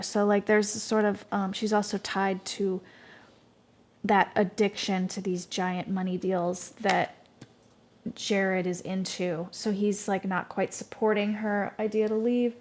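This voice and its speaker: A woman talks through a tarot spread in a loose, unscripted way. She hesitates, restarts sentences and trails off as she thinks aloud. Her voice sits at a moderate, mid-range pitch. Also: flat delivery, unhurried. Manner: rambling, hesitant, many fillers and restarts. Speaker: tarot reader. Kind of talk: casual intuitive tarot reading monologue.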